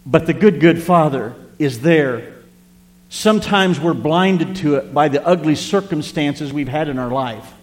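A man's voice: on the high side, lively intonation, measured pace. Older male pastor, tender storytelling sermon. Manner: storytelling, tender and earnest, addressing the congregation. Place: church sanctuary. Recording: long hall reverb.

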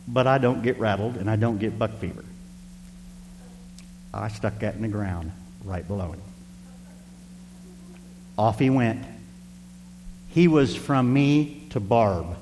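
A male preacher telling a personal story in a sermon, animated and speaking straight to the congregation. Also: lowish voice. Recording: reverberant hall with faint hum.

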